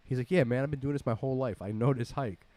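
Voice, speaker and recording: Fast-talking man spinning a profane story. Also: mid-range voice, dry recording. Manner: rambling, animated, swears a lot. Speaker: podcast host telling a story.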